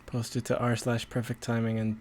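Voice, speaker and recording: A man's voice: mid-range voice, completely flat delivery, brisk, darkish tone, slight background noise. A man streaming a game, chatting casually with rambling, stumbling commentary. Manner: rambling, self-correcting, stumbles over words.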